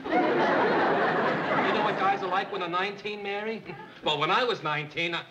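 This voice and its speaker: An actor playing a grumbling, protective middle-aged coworker in a sitcom. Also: male voice, sits high, sing-song, moderate pace, crowd noise. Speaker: newsroom coworker. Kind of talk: sitcom acting. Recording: noisy old TV soundtrack.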